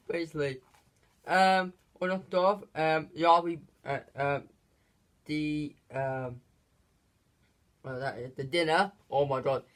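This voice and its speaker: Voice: mid-range voice, fairly even intonation, slow pace, long pauses, fairly bright tone. A channel host giving a casual, unscripted movie review, rambling with lots of fillers and restarts and giggling often between phrases.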